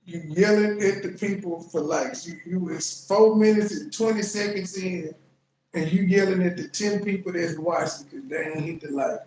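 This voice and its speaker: Male commentary host, high voice, mocking and blunt, echoey room. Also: normal speed, a little mellow, a little hiss or hum. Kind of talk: reaction commentary.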